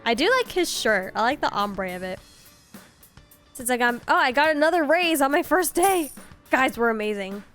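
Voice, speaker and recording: A chatty young woman streaming a game, rambling along and filling her talk with "like." Her voice is a bit high, and faint game music plays underneath. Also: animated, moderate pace, fairly bright tone. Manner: chatty, rambling, uses "like" constantly. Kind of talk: casual gameplay commentary.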